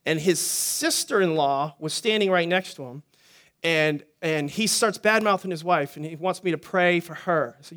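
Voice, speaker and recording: Middle-aged male pastor, high voice, chatty sermon delivery with quick jokes and restarts. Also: fairly bright tone. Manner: conversational, joking asides, frequent restarts.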